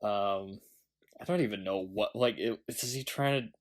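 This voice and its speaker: A man's voice: fairly low pitch, normal speed. A man co-hosting a film review podcast, talking casually and rambling with frequent ums and trailing asides. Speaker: podcast co-host.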